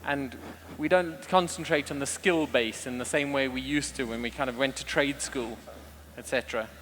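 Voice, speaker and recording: A man's voice: medium pitch, normal speed, fairly bright tone, a little hiss or hum. A man who is a lead hairstylist speaks on stage about his creative ideas and classic techniques, reflective and earnest, often restarting his sentences. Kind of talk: stage talk on a creative concept. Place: large event hall on stage. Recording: live hall with long reverb.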